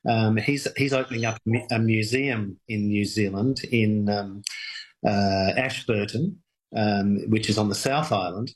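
A man being interviewed on radio about his kite work, talking in a halting, reflective way with many repeated words. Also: lowish voice, husky, poor audio. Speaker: kite workshop owner, radio guest.

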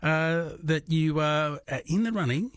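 An Australian man hosting a late-night radio quiz, chatty and animated. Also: a little high, a little slow, dry recording, clean studio sound. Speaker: radio host. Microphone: studio microphone.

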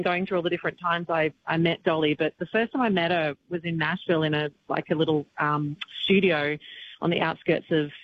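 A woman, a country singer speaking in a radio interview, rambling, full of fillers, tearful yet laughing. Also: deep voice. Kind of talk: emotional phone-in radio interview. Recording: dull lo-fi radio line with faint noise.

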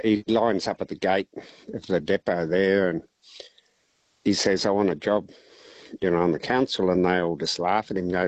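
An Australian man calling in to a radio show, telling a long joke in a relaxed, rambling way. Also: sits low, dry recording, poor audio. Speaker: caller.

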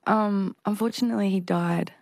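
A woman, a singer, talking in a casual interview with halting speech and frequent restarts from a stutter. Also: medium pitch, fairly even intonation, vocal fry, a little mellow, no echo, studio quality. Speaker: singer and performer, interview guest.

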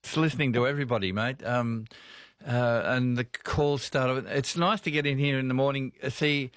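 An Australian man hosts a talkback radio show in a casual, rambling way, often chuckling mid-story. His voice sits at an ordinary pitch. The studio sound is close and dry, with no room around it. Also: steady tone, moderate pace, fairly bright tone, no echo. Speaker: radio host.

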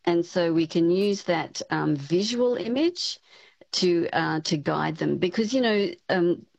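A woman with a lowish voice, explaining patiently as an academic guest on a radio show, with plenty of "um" and "you know" as she works through her points. The sound is dry and a little dull, like a remote line. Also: lively intonation, measured pace, creaky, a little mellow, dry recording. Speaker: speech pathology professor, guest expert. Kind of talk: radio interview answers.

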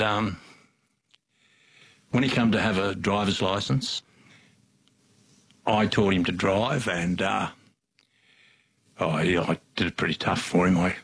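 A man's voice: on the low side, fairly bright tone, breathy edge. An older man with an Australian accent, telling a rambling family story in a folksy, chuckling way. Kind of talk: storytelling in conversation.

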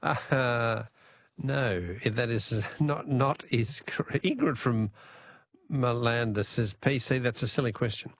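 A man's voice: medium pitch, slow, no echo, studio quality. A man with an Australian accent hosting a casual talkback radio quiz, chuckling as he reads out listener messages.

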